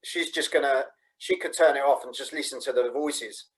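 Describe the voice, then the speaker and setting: A man hosts a relaxed interview at an ordinary mid pitch. He keeps things matey and encouraging, with plenty of fillers. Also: normal speed, low-quality recording. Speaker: host. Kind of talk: casual interview chat.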